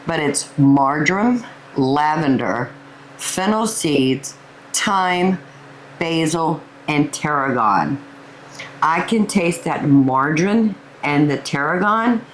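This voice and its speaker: A woman's voice: sits low, lively intonation, slow, a little hiss or hum, poor audio. An older woman, hosting a casual cooking vlog and calling her viewers family as she tastes her food. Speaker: cooking channel host.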